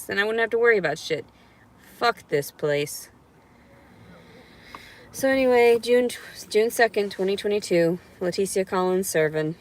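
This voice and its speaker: A woman's voice: medium pitch, measured pace. A woman ranting alone to camera in a vlog, bitter and sarcastic, swearing a lot and sometimes slipping into a mocking sing-song voice. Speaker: vlogger. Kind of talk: unscripted solo vlog rant.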